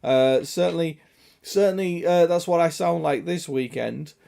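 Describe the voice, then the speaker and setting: A man with a hoarse, raspy throat from illness, chatting casually and greeting viewers on a game stream, joking and swearing. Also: a little high, unhurried, warm tone. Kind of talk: casual live-stream chat.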